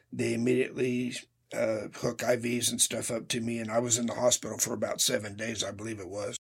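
A man's voice: medium pitch, creaky, husky. A man telling his personal faith testimony in an earnest, heartfelt way, speaking directly to his listeners.

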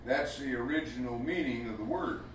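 In a church, a man with a mid-range voice preaches a sermon briskly in a folksy, emphatic style, posing rhetorical questions. The room is echoey, the mic is far off, and there is slight background noise.

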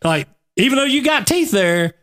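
A Southern man in his forties talks casually and tells animated, rambling stories. His pitch swings widely as he talks. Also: moderate pace, a little hiss or hum. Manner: storytelling, animated, with fillers. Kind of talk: casual chat.

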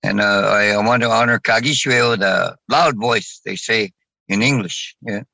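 Bright-voiced man speaking haltingly. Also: lowish voice, gravelly, no echo, poor audio. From Saskatchewan, Canada. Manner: halting, with many restarts and fillers. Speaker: guest. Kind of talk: casual interview talk.

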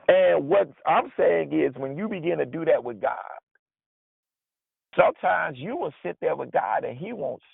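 Gravelly-voiced preacher, tinny phone-like sound. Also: male voice, fairly high pitch, dry recording. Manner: animated, informal, acts out frustration in asides. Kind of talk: conversational sermon.

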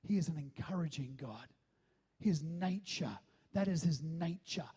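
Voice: medium pitch, lively intonation, a little slow, dark tone, slightly rough. A pastor preaching a sermon, stressing each point and often asking the listeners if they are following. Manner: keeps checking in with the listeners, emphatic.

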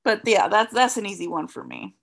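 A woman's voice: mid-range voice, lively intonation, brisk, vocal fry. A young adult woman co-hosting a podcast, chatting casually and candidly, swearing freely and getting emotional. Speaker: podcast co-host. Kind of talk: casual chat.

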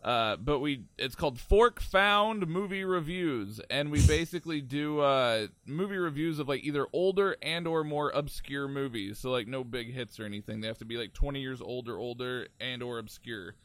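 A man's voice: medium pitch, normal speed, hardly any pauses, a bit bright, dry recording. Casual joking male podcast co-host. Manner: casual, filler-heavy, joking.

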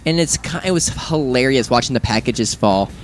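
A man's voice: mid-range voice, animated, moderate pace, a little hiss or hum. A man co-hosting a casual podcast, rambling about video games and acting out his own reactions. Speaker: podcast co-host.

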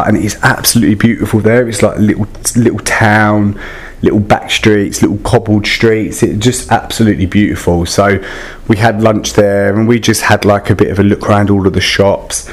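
A man's voice: on the low side, fairly even intonation, moderate pace. A man telling a story in a casual, chatty and dramatic way, with many fillers. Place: static caravan.

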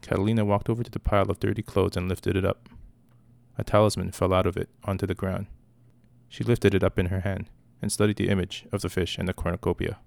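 A man giving a steady, measured scripted narration of a story with a gravelly voice. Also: sits low, no echo. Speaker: audiobook reader.

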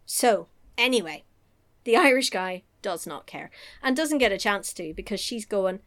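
Animated woman retelling a story. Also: mid-range voice, moderate pace. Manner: animated, joking storyteller who keeps laughing. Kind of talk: casual chat.

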